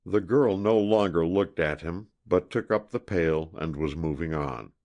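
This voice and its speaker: A man reading a historical adventure novel aloud as an audiobook narrator, in a dramatic, expressive way. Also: low-pitched, a little slow, dull audio.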